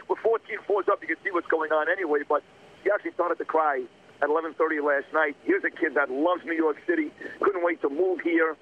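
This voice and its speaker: A middle-aged man phones into talk radio from outdoors, and his high voice tears along at a rapid clip. He rants in a heated, rambling way, and the call sounds muffled and dull. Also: fairly even intonation. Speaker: radio guest calling in. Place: outdoors on a windy street.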